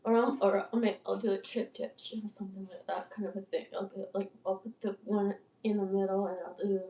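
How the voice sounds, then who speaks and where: A woman in her sixties with a croaky, congested voice, rambling loosely with lots of fillers and casual swearing. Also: little pitch movement, fairly quick, highs cut off. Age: 60s. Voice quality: croaky, deeper than usual. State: congested, clogged up. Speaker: musician and vlogger. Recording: roomy echo, distant from mic.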